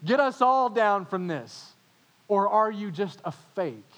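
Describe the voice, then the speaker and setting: A man preaching voices a condemned criminal who shouts mockery, raising his voice high and loud. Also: lively intonation, slow, exaggerated voice. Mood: taunting. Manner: taunting, shouting. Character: jeering condemned man mocking Jesus.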